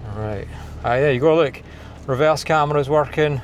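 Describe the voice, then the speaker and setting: Here a chatty Scottish man walks through a car install from inside a parked car, hosting a DIY video, ribbing himself and thinking aloud as he goes. He speaks at a moderate pace in a fairly high voice, over a slight hiss or hum.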